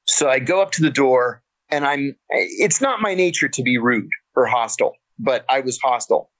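A man's voice: mid-range voice, normal speed. Middle-aged man telling stories. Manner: animated anecdotal, frequent restarts. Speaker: podcast guest, author. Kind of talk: casual interview storytelling.

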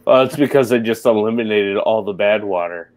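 Low-voiced man with brief remarks. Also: brisk, darkish tone. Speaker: podcast co-host. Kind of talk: casual fishing chat.

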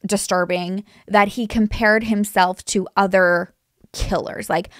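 A woman's voice: medium pitch, steady tone, a little slow, a bit bright, no echo, studio quality. A woman hosting a true crime channel, talking casually and rambling with many restarts. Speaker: true crime YouTuber host.

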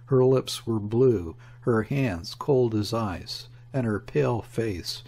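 A man narrating a classic novel in a slow, measured audiobook reading. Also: mid-range voice, darkish tone, husky.

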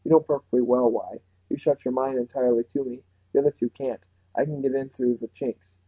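Coaxing sinister stranger in a storybook, read by a man in a dark, close, dry voice. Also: mid-range voice, fairly even intonation, fairly quick, breathy edge, no echo, natural voice, rough recording. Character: sinister man offering false comfort.

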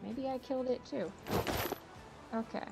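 Woman gamer host, casual self-mocking commentary, gravelly fry, game music underneath. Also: high voice, a little slow. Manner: chatty, self-mocking, thinks aloud while playing. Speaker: gaming channel host.

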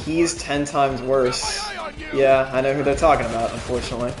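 A young man streaming a video game, chatting casually, swearing often and laughing as he reacts loudly to the action. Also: mid-range voice, steady tone, moderate pace. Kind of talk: casual gameplay commentary. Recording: echoey room with game music.

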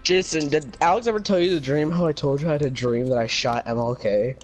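A man's voice: on the high side, fast, soft background music. A young man rambling and provoking his friends in a rowdy gaming voice chat. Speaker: gamer in voice chat. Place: voice chat from home.

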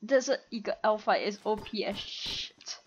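A woman with a stuffy nose and a cough, giving excitable, chatty gameplay commentary and laughing often. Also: medium pitch, normal speed. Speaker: gamer and streamer. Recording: dull lo-fi home recording, faint noise.

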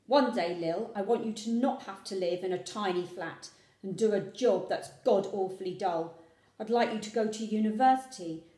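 A woman reading a storybook, voicing a stern, worried working-class father who lectures forcefully. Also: medium pitch, moderate pace, reverberant, lightly acted.

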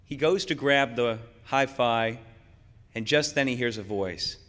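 A man's voice: medium pitch, unhurried. Folksy middle-aged male keynote speaker. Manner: folksy, joking and energetic. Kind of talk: conference keynote talk. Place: conference hall. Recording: long hall reverb.

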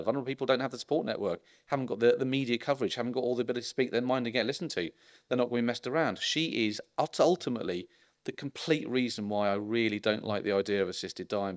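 A middle-aged man lectures like a doctor swapping stories with colleagues. His voice sits on the low side, and he drifts through anecdotes with dry, ironic asides and plenty of ums between thoughts. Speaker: consultant geriatrician giving a public lecture. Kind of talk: informal public lecture.

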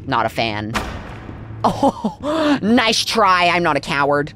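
A woman's voice: lowish voice, huge pitch swings, slow, fairly bright tone, soft background music. A woman playing a horror game and chatting through it, talking to the characters and reacting with surprise. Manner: chatty, talks to the game, easily startled. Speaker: gaming channel host. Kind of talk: let's play commentary.

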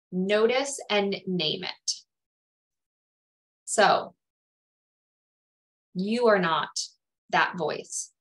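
A woman's voice: fairly low pitch, vocal fry, low-quality recording. A woman career coach giving a webinar talk on self-talk, earnest, sometimes acting out anxious inner voices. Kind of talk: webinar presentation.

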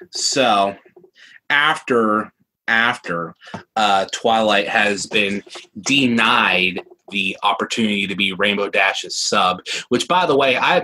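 A man's voice: on the low side, sharp tone, slight background noise, low-quality recording. A man co-hosting a casual review chat, riffing and joking on tangents. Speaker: co-host reviewing a cartoon episode.

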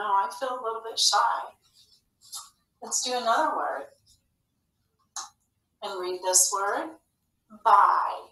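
Woman teacher in a roomy, distant recording. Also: mid-range voice. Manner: gentle, explanatory classroom delivery. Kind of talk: recorded video lesson.

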